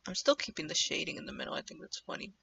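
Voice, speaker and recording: A young woman livestreaming while she animates, chatting casually in a rambling way and drifting into low muttering to herself as she draws. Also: quick pace, sharp tone, recorded from a distance. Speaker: streamer animating live. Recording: dull lo-fi mic set back from the speaker.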